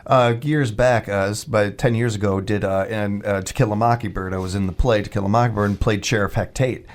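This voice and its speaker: A man's voice: fairly low pitch, steady tone, a little fast. A man hosting a local radio talk show, rambling a little with many fillers. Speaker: radio host. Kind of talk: casual radio interview.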